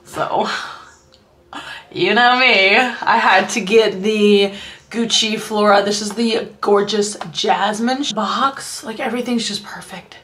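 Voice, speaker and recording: This is a casual haul vlog recorded in her apartment, where a woman beauty vlogger raves about products, constantly saying "like" and "you guys." She speaks slowly with a medium-pitched, steady, fairly bright voice.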